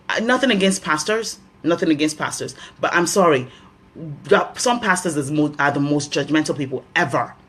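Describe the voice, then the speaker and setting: A woman with a Nigerian accent hosting a health talk, giving earnest advice and repeating key phrases for emphasis. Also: on the low side.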